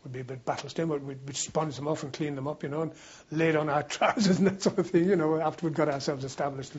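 An older veteran with a slightly raised, husky voice tells long, wandering anecdotes, restarting sentences as he goes. The sound is dull and lo-fi, like an archive tape. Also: fairly high pitch, steady tone, fast. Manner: rambling anecdotal storytelling, frequent restarts. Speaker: war veteran interviewee. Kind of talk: oral history reminiscence.

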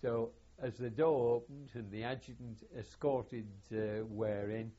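Slow, husky older man. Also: mid-range voice, steady tone, warm tone, muffled recording. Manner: halting, measured, wry and self-deprecating. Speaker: veteran interviewee. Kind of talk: oral history recollection.

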